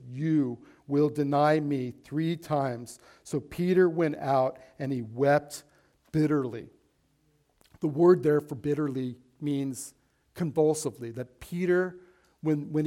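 A man's voice: fairly high pitch, a little mellow. Man preaching a sermon. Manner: preaching, reading scripture aloud and calling for congregation responses. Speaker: pastor. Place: church sanctuary.

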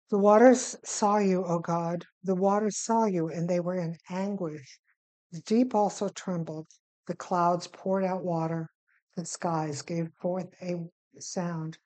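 A middle-aged woman teaching from the Bible to small groups, speaking unhurriedly with gentle pauses and reading scripture slowly and deliberately. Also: lowish voice, poor audio.

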